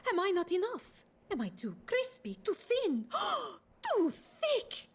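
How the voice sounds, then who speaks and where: A jealous Italian-accented pizza. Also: female voice, very high-pitched, huge pitch swings, takes it slowly, pitched above the performer's own voice, exaggerated voice. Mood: melodramatic. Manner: melodramatic, wailing.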